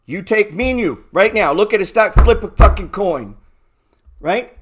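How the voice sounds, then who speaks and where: A man giving a trading talk, cursing often and firing rhetorical questions, swinging between loud bursts and low murmurs. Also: animated, moderate pace, a little hiss or hum. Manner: profane, emphatic, rhetorical questions. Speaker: trading educator. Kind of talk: motivational talk.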